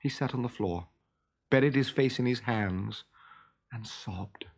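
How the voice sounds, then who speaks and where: A man reading a children's story aloud with expressive, lively narration. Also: medium pitch, unhurried, very noisy.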